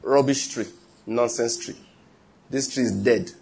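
A man voicing a calm, dismissive man who curses a tree in a low, quiet, offhand voice. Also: a little slow, vocal fry, slight background noise.

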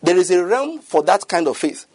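A middle-aged male preacher with a fairly high, husky voice. He speaks earnestly and keeps checking whether his listeners follow him. The sound is dry and close, with no room echo. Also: sing-song, moderate pace, darkish tone. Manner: earnest, repetitive, often asks listeners if they follow. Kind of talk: sermon.

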